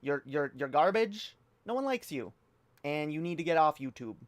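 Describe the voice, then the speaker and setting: A woman's voice: low voice, expressive, normal speed, dry recording. A woman streaming a reaction video, ranting heatedly and profanely with frequent restarts. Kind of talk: livestream rant.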